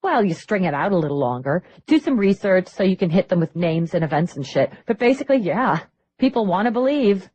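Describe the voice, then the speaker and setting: A woman's voice: fairly low pitch, breathy edge. A woman reading an audiobook, voicing a bubbly, brash young woman who used to run cons. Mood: brash, upbeat. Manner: excited, brash, quick. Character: bubbly young female ex-grifter performer, brash.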